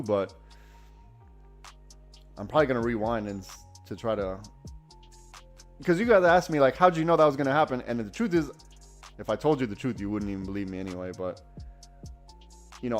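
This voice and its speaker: A man hosting a live trading stream, talking casually and excitedly, often restarting his sentences. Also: medium pitch. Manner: enthusiastic, rambling, self-correcting. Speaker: day-trading livestream host.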